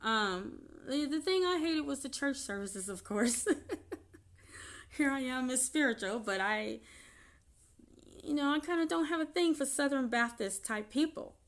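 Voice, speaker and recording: A woman's voice: high voice, lively intonation, unhurried, a bit bright. A woman telling a personal story in an unscripted vlog, chatty and laughing often between her sentences. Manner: chatty, with many fillers and restarts. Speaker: vlogger.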